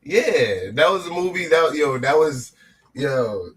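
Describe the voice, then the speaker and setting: A man's voice: fairly high pitch, sing-song, slow, fairly bright tone. A man co-hosting a podcast, chatting casually in a rambling, joking way. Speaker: podcast co-host. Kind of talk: casual chat.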